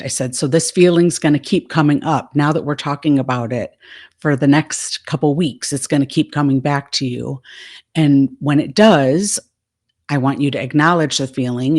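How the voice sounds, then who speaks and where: A woman's voice: extremely low pitch, darkish tone. A woman life coach in a casual monologue, retelling a session and quoting the dialogue back and forth.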